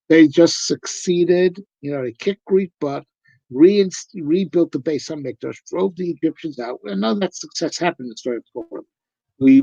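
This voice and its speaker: A male rabbi with a creaky, warm voice on the high side gives a live, conversational Torah discourse, emphatic and packed with rhetorical questions. There's no echo, and the recording is dull and lo-fi.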